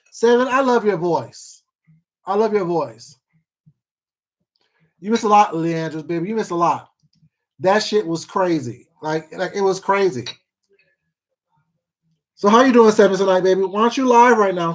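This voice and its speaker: At medium pitch and a moderate pace, broken by long pauses, a livestream host reads viewer comments in casual chat. The gossip is rambling and profane, with lots of repeats and fillers, and people are called baby and sweetheart.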